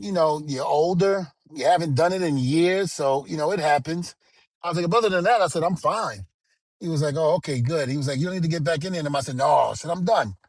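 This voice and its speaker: With no room sound behind him, a middle-aged man with a fairly high-pitched voice co-hosts a podcast. His storytelling is playful and loose, and he acts out each line of quoted dialogue.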